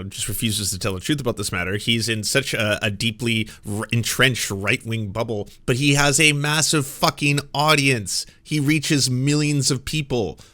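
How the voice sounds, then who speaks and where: A man streamer giving a casual, impassioned commentary rant, profane and fired up. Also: mid-range voice. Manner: impassioned, profane, builds to yelling.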